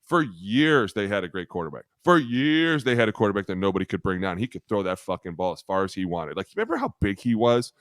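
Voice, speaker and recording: A man co-hosting a football podcast, loud and animated, swearing through his rants. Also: lowish voice, fast talker, few pauses, dry recording, studio quality. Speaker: podcast co-host, former lineman. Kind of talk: profane sports banter.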